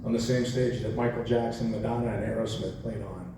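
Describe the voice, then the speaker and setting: A man's voice: on the low side, a little fast. A man in his forties answering fan questions on a convention panel, telling stories animatedly with frequent laughs. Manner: animated, acts out quotes, laughs often. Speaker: actor, convention panel guest. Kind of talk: storytelling Q&A answers. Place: large convention hall. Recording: echoey hall from far off, faint noise.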